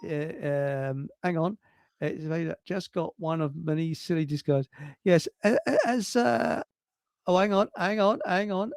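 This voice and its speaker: A man hosting a casual livestream, rambling and halting over technical trouble with many restarts. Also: fairly high pitch, no echo, studio quality. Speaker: livestream host. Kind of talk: casual chat. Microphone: computer mic on a video stream.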